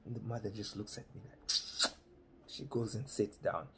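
A man with a Kenyan accent telling a funny personal story in a playful, animated way. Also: fairly low pitch, moderate pace, a little hiss or hum.

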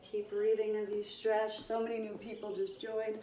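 Medium in pitch and mellow, her delivery is flat, at normal speed, with hardly any pauses. The young woman is leading a live home workout indoors, counting reps down and greeting viewers by name while out of breath from joining in, recorded on a far-off phone in an echoey room.

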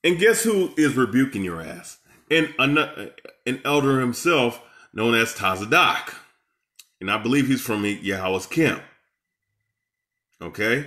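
Bright-voiced angry preacher man, profane. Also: mid-range voice, lively intonation, measured pace, long pauses. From Seattle, USA. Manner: heated, profane, confrontational. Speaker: online preacher and commentator. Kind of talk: angry reaction commentary.

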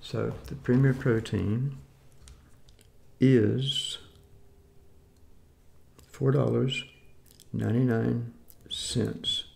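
Extremely slow and pausing often, this American food vlogger in his seventies talks with vocal fry at a medium pitch, his intonation fairly even and his tone a little mellow. He rambles folksily through his groceries, adding mildly skeptical remarks, and there's slight background noise.

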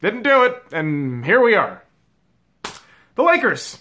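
A man's voice: high-pitched, very animated, slow, pushed and bright. A man hosting his own sports vlog, ranting casually with a lot of swearing and addressing his audience as boys and girls. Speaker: sports vlogger. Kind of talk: casual profane rant.

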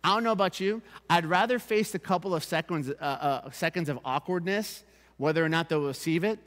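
A man's voice: a little high, a little fast, a bit bright, big-room sound. A man preaching a sermon as pastor, emphatic and repeating key phrases for his congregation. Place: church sanctuary.

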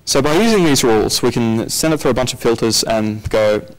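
A man's voice: medium pitch, lively intonation, fairly quick, low-quality recording. Man explaining at a conference talk. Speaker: conference presenter.

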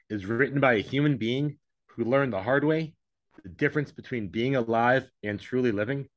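A man's voice: mid-range voice, normal speed, long pauses. Frank rambling man on a video call. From English-speaking, living in Mexico. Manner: frank, rambling, self-deprecating. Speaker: interview guest, author. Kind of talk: candid conversational interview.

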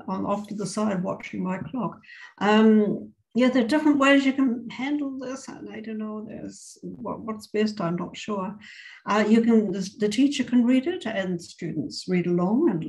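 Guest lecturer, woman, slight vocal fry, loose off-the-cuff delivery full of restarts. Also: mid-range voice, a little mellow, rough recording. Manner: informal, thinking aloud with frequent restarts. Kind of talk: online teacher-training lecture.

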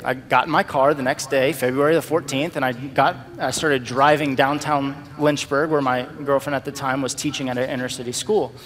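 A man sharing a personal testimony as a storytelling sermon, acting out the dialogue in a lively way. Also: mid-range voice, a little fast, hardly any pauses, in a large hall.

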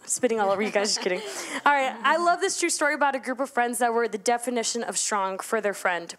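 A woman's voice: fairly high pitch, quick pace, a bit bright. A young woman giving a casual, playful sermon at a church service, joking with the congregation between points. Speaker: youth speaker at church service.

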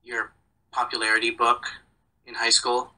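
A man's voice: medium pitch, monotone, moderate pace, bright, forceful tone, rough recording. A young man chatting as a podcast guest, rambling and joking in a self-deprecating way. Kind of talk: casual chat.

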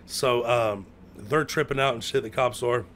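A man from the United States spins a long story in casual chat, leaning on slang and constant fillers. He jumps into loud outbursts when he acts out what people said. His voice sits in a middle range, with a faint hiss of noise behind it. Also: mid-range voice, normal speed. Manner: animated, acts out quotes with sudden loud outbursts; heavy slang, lots of "bro" and "like".

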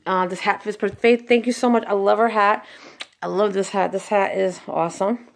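A young woman vlogging an unboxing, excited and gushing, thanking the sender over and over. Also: medium pitch, normal speed, vocal fry. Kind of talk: casual unboxing vlog.

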